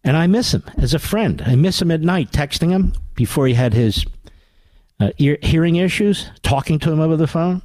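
A man's voice: a little high, expressive, moderate pace, a little mellow, no room sound. A man hosting a radio talk show, giving combative political commentary, sarcastic and indignant, often climbing into pointed rhetorical questions on a studio mic.

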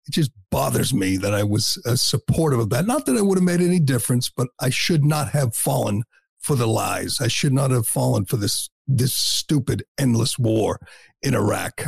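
Gravelly blunt middle-aged male talk host. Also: mid-range voice, a little mellow, no echo, clean studio sound. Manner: blunt, combative, scornful. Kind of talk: opinion monologue.

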